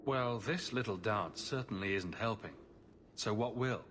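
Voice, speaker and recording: An actor playing a dry-witted male hero in a fantasy game who talks in a calm, sarcastic way. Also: lowish voice, unhurried, a crowd in the background, natural voice.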